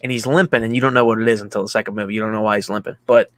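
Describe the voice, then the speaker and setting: A man's voice: on the low side, fairly even intonation, racing, no room sound. A young man co-hosting a casual movie podcast, retelling the plot in a rambling way, full of "like" and acted-out quotes. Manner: rambling, heavy use of "like", acts out quotes. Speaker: podcast co-host. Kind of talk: casual movie recap chat.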